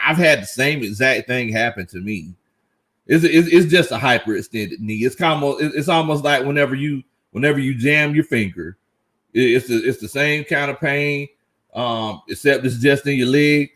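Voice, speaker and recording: Excited man hosting a fan stream. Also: on the high side. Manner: excited, laughs often, reads out chat comments. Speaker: sports fan livestream host. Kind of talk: casual live reaction stream.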